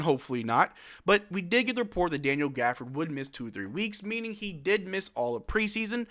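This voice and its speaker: A man hosting a sports news channel, giving casual, excitable fan commentary on his team's latest reports. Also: high voice.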